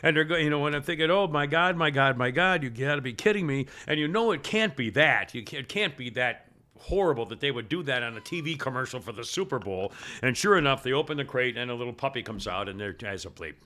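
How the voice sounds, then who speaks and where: A man co-hosting a radio talk show, chatting casually about TV ads in a rambling way with many halting restarts. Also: mid-range voice, expressive, sharp tone. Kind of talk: casual chat.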